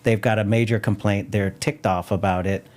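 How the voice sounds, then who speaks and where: A man's voice: on the low side, steady tone, normal speed, darkish tone. A man hosting a podcast who asks questions and shares stories in a conversational way, often saying "you know". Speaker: podcast host. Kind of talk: casual interview.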